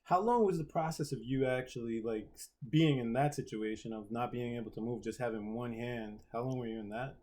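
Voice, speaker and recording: A man's voice: mid-range voice, fairly quick, few pauses, darkish tone. A man co-hosting a casual interview, laid-back and joking in slangy speech. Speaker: co-host.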